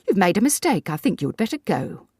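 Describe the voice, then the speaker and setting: A woman voicing a calm, firm, sharp-tongued old lady. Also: mid-range voice, quick pace, slightly rough, no echo, studio quality, voice pushed up.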